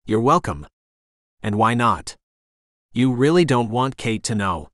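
A man's voice: mid-range voice, sing-song, unhurried, fairly bright tone, dry recording, studio quality. A man voicing a cocky young dragon-shifter who teases his companion, speaking wryly, in an audiobook. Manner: wry and teasing.

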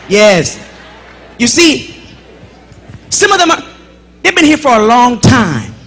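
A man giving a joking church welcome that swings into shouted preaching, bantering with the congregation. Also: sits high, breathy edge.

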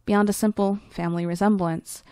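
A woman storyteller reading her own story aloud in an earnest, soft-spoken way. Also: medium pitch, level tone, brisk, no echo. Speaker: storyteller, narrator.

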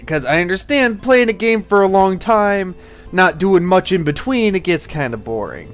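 A man casually commenting on his gameplay, rambling and excitable, swearing at enemies. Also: high-pitched, moderate pace. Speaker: gaming channel host. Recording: faint game music behind. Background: game music.

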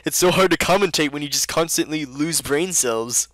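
A man's voice: on the high side, normal speed, fairly bright tone, no echo. Exasperated, sarcastic male game commentator. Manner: exasperated and sarcastic, frequent laughs. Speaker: video host and duel commentator.

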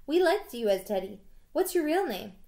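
A woman reading as an upbeat, curious young girl from a storybook, bright and chatty. The voice is fairly high. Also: very animated, normal speed, creaky, heavily acted.

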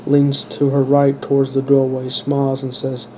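A man reads his own story in a flat, unvarying voice with a dark, mellow tone. He stumbles and restarts words as he goes. The recording is dull and lo-fi with a faint hiss behind it. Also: medium pitch, moderate pace. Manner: monotone reading with stumbles and restarts. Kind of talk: unpolished audiobook narration.

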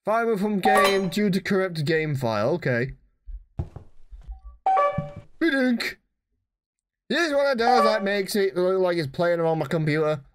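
A man giving dry, deadpan let's play commentary while playing a horror game. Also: high-pitched, unhurried, pauses often, loud music behind the voice.

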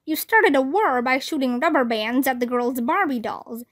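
A woman's voice: sits high, normal speed, fairly bright tone. A woman reading aloud voices a stern male ghost teacher who lists a boy's misdeeds. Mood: scolding.

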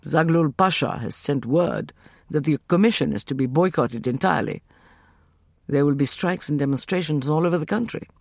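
A man's voice: fairly high pitch, expressive, normal speed, gravelly, no room sound, clean studio sound. A man doing an earnest, impatient young man. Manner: serious, a little impatient.

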